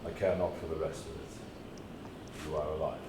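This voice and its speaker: A man's voice: extremely low pitch, level tone. A man playing a grave old quartermaster. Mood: solemn. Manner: halting, quiet and grave. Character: aging loyal male quartermaster, solemn and caring. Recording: echoey room, mic far off, noisy.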